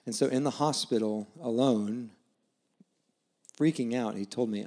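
A man in his forties, a guest preacher, telling a personal story in a conversational sermon and dropping low and soft when he quotes scripture. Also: a little slow. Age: 40s.

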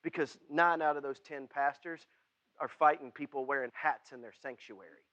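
A man preaching to his church with a bright, forceful voice that sits a little high. He is folksy and plain-spoken, dropping from loud preaching into quiet, close asides. The sermon recording sounds dull and muffled. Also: moderate pace, dry recording. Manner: folksy and plain-spoken, with southern-style words. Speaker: pastor.

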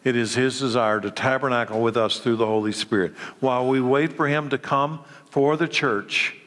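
A man's voice: mid-range voice, normal speed, fairly bright tone. A man teaching a sermon, reading scripture aloud and putting emphatic questions to his listeners. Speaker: Bible teacher. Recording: hall reverb.

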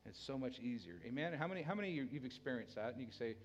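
A pastor preaching a sermon with a dynamic delivery, dropping to a hushed tender voice and rising loud again. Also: male voice, mid-range voice, quick pace, few pauses, dull audio, faint music behind.

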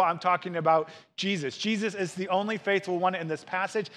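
Male pastor, 30s, high-pitched voice, earnest and expressive sermon delivery. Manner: earnest, expressive preaching with acted quotes.

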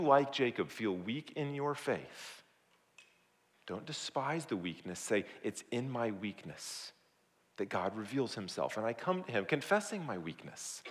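A man preaching a sermon as pastor, swinging from loud, emphatic appeals to hushed, quiet asides. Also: fairly high pitch. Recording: long hall reverb.

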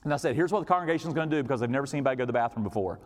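A man preaching as a pastor, telling a story in an animated way and acting out quoted voices, sometimes dropping to a whisper. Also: medium pitch, racing. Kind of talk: storytelling sermon. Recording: long hall reverb.

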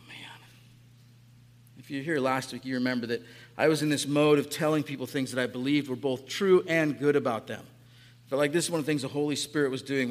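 A man in his late forties giving a sermon as a pastor, telling stories in a casual, chatty way and often tagging on "right?". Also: medium pitch. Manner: casual, chatty, frequent tag questions. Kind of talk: conversational sermon storytelling. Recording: echoey hall.

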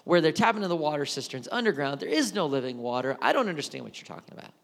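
A man's voice: on the high side, very animated, very fast, creaky, long reverb tail. A man voicing a skeptical Samaritan woman in a folksy, incredulous paraphrase, in a sermon.

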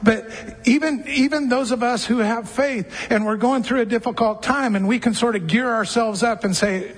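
A man preaching a sermon to a church congregation, in a conversational way, softening his voice to act out gentle quoted words. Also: very high-pitched, normal speed, few pauses, breathy edge, in a large hall. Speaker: pastor.

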